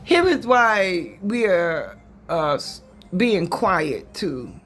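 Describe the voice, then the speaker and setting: Man in halting casual commentary. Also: high voice, big pitch swings, a bit bright, soft background music. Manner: halting, with fillers and restarts. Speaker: commentator reacting to clips.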